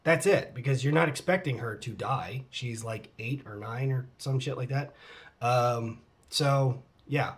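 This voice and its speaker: A middle-aged man casually answering fan questions in a vlog, candid and relaxed, with mock-dramatic asides and casual swearing. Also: mid-range voice, a little slow. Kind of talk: casual chat, reading out comments.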